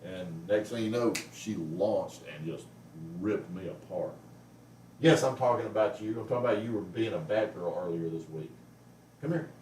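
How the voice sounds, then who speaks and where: A low-pitched, darkish voice at normal speed belongs to a pet vlogger who rambles through a story and coos at his cat at home. The living-room audio sounds roomy, with the mic placed at a distance and a little faint noise.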